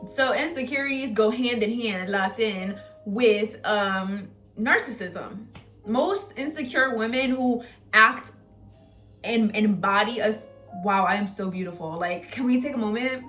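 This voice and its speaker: A woman's voice: a little high, unhurried, soft background music. Ranting woman vlogger, casual and blunt. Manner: animated and ranting, swearing, laughing at herself. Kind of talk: casual chat to camera.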